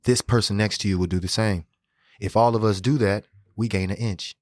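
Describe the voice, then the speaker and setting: Give me a man in his thirties as a podcast guest, sitting close to a dry microphone. His voice sits fairly low. He tells his story with restless energy and plenty of slang and cursing. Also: a little fast, no room sound. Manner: animated, profane, slangy storytelling. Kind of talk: casual storytelling interview.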